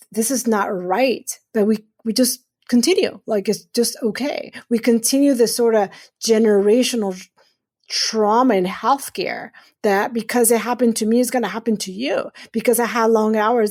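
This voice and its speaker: Middle-aged woman doc talking on a podcast, kinda high voice, earnest, keeps repeating stuff for emphasis. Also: darkish tone, slightly rough. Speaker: guest urologist. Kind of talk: podcast interview.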